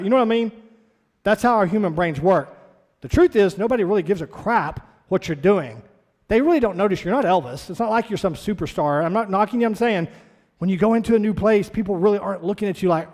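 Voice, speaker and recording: A fitness trainer, a man with a high voice, runs an orientation for a class in his studio. He talks straight to the group in a blunt, motivational way. His words carry a long echo, as though spoken in a large hall. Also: fairly quick, a little mellow.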